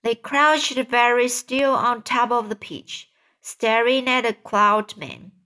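Slow, halting woman reading aloud. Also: fairly high pitch, pushed and bright. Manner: halting, stumbling over words. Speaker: reader. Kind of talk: reading a children's book aloud.

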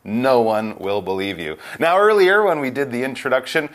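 Patient man explaining words, lively pitch. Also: moderate pace. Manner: clear, patient teacher delivery with acted example quotes. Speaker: co-host of an English lesson podcast. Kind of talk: explaining vocabulary for learners.

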